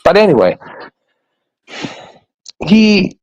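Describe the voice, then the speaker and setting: A man ranting casually to his viewers, animated and profane, often repeating himself. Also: high-pitched, extremely slow, no echo, dull audio. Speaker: YouTuber.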